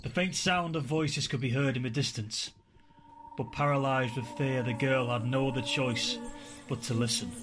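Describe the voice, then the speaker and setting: A man reading a spooky story in a slow, dramatic storyteller voice. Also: medium pitch, steady tone, background noise.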